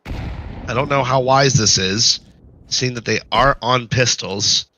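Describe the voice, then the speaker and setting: Hoarse man calling a match. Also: mid-range voice, slow pace, sharp tone, no echo, rough recording. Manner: wry, talks to the audience between calls. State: hoarse from being sick. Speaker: esports caster. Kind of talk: live play-by-play commentary.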